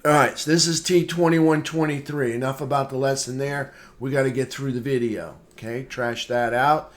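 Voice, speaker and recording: A man's voice: medium pitch, fairly even intonation, normal speed. A man, a trading instructor, giving a live market analysis lesson, repeating points and checking in with "okay?" often. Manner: greets viewers by name mid-lesson.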